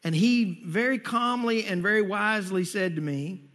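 A man with a fairly high voice delivers a sermon, telling his own stories in an earnest way. He presses his points with growing emphasis. Long reverb hangs on his words in a hall. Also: moderate pace, a bit bright. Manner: earnest storytelling, rising emphatic near the end. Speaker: preacher.

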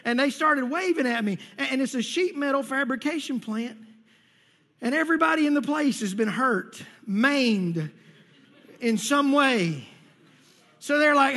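A man preaching a sermon as pastor, talking in an animated, folksy way and repeating key phrases. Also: very high-pitched, normal speed. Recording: long reverb of a large hall.

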